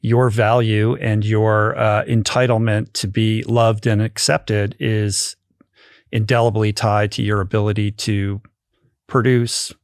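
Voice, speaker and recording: A man with a lowish, gravelly voice hosts a podcast and talks articulately in long, wordy sentences. His tone is conversational. The recording is dry and close. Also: little pitch movement, takes it slowly, dry recording. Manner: articulate, uses elaborate vocabulary. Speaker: podcast host. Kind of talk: conversational interview.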